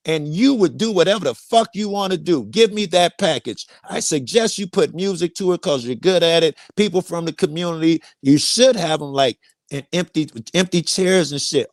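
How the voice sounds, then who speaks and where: This man argues hard and doesn't let go, cutting in with pointed questions and plenty of profanity. His voice sits fairly high for a man. It's recorded close and dry, with no room sound. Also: expressive, moderate pace, no echo. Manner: confrontational, profane, presses with repeated questions. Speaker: podcast co-host. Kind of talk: heated argument.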